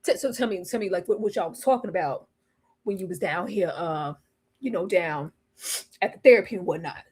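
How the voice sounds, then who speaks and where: A woman's voice: lowish voice, fairly quick, darkish tone, slightly rough, pitched below the performer's own voice. A woman doing a pushy, drawling lady. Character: brash grieving woman demanding answers.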